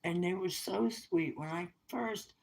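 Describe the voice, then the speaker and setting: Gravelly, foul-mouthed middle-aged ranter. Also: mid-range voice, a little slow, a little mellow, rough recording. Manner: blunt, swearing heavily, scornful. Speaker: vlogger. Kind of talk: angry profane rant to camera.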